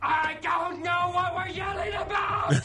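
A man putting on the voice of a loud, blustering tough guy, shouting in mock anger. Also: very high voice, steady tone, measured pace, faint music behind, voice pushed up, exaggerated voice. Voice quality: shouting, exaggerated.

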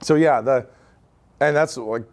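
A man in his thirties speaks a little slowly in a mid-range voice. He's at a live event giving an audience an informal talk, telling stories conversationally with many asides.

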